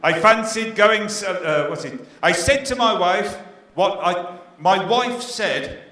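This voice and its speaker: A middle-aged man comparing a stage competition, telling jokes with deadpan punchlines and teasing the live audience. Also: sits high, measured pace. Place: stage in a pier theatre before a live audience.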